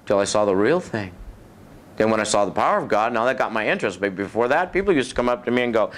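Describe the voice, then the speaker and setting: A man preaching, telling his own testimony as animated storytelling with frequent chuckles. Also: on the low side, fast. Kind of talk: testimony sermon.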